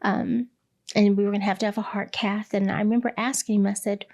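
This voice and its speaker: Middle-aged woman guest; gravelly voice, mid pitch; candid, reflective storytelling with frequent pauses. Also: little pitch movement, darkish tone. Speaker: hospice director, interview guest. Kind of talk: personal storytelling in an interview.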